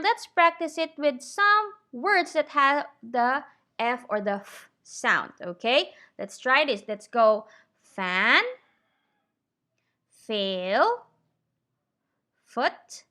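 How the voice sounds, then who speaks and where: A woman teaching English pronunciation in a slow, clear lesson. She is patient, often checks in with "okay?" and drills words slowly and deliberately. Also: sits high, pushed and bright.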